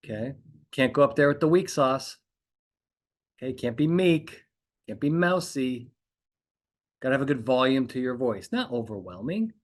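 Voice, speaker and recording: A man hosting a podcast, coaching lawyers on courtroom speaking in an emphatic monologue. He repeats his points and keeps checking in with "okay?". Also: medium pitch. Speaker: trial consultant podcast host.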